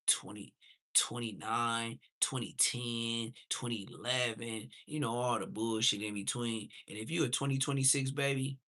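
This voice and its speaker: A man ranting casually and comically to his viewers, rambling and animated. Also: mid-range voice, moderate pace. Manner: rambling, animated, slips into quoted voices. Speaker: comedic vlogger.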